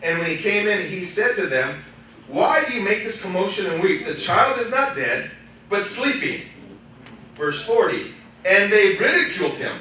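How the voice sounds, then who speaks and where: A man preaching a sermon as pastor, animated and laughing often, swinging between loud exclamations and quiet storytelling. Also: high voice, moderate pace, a little hiss or hum. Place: church sanctuary. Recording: echoey church hall, mic from far off, congregation responding. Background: congregation calling out responses.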